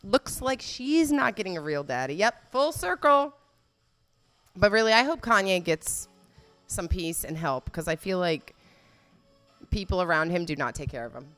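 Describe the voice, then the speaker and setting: A woman's voice: fairly low pitch, lively intonation, normal speed, fairly bright tone, soft background music. A woman giving casual, blunt and profane commentary, laughing often as she reacts to a video.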